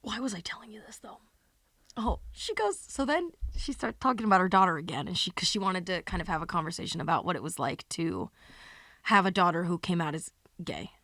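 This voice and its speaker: A woman's voice: lowish voice, brisk, dry recording, studio quality. Profane storytelling woman podcast host. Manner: animated, profane, spins long anecdotes. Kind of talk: casual storytelling chat.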